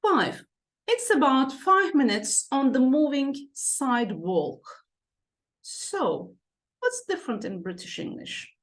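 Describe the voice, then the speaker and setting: A native Turkish woman explains English vocabulary slowly and patiently, her fairly high voice rising and falling a lot. She often repeats words and checks back with the listener, like a teacher at the board. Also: big pitch swings, a bit bright. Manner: patient, repeats key words, asks "okay?" and "right?" often. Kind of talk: classroom-style explanation.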